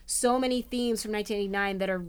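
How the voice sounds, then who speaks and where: A young woman co-hosting a podcast, telling a story in casual chat and acting out the quotes with lively voices. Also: mid-range voice, fast talker, crowd noise. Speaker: podcast co-host.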